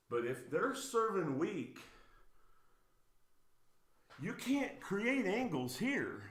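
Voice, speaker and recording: A man with a slightly high, somewhat bright voice gives blunt, emphatic coaching commentary on table tennis videos. He gets worked up while correcting a player, and the recording has a roomy echo.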